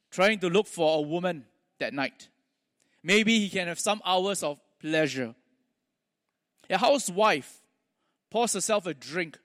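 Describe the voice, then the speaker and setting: A male pastor preaching, telling stories with pauses and small restarts. His voice sits high for a man, and a long church-hall reverb trails each phrase. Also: fairly bright tone. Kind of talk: sermon.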